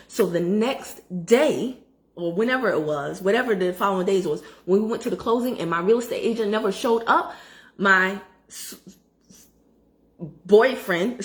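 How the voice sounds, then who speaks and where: A middle-aged woman telling a personal story to her viewers in a casual, animated way, talking straight to the audience. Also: lowish voice. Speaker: credit education vlogger. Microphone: phone.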